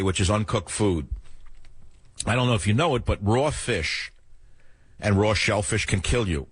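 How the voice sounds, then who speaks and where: A man's voice: fairly low pitch, a bit bright, breathy edge, no room sound. Sarcastic older man ranting on radio. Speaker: radio talk show host. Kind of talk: opinionated radio monologue.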